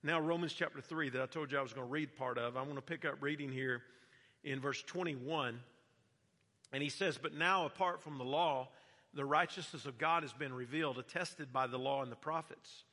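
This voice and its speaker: Bright-voiced preacher in a reverberant hall. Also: male voice, medium pitch. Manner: measured preaching, reading scripture aloud. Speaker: pastor. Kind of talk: sermon. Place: church hall.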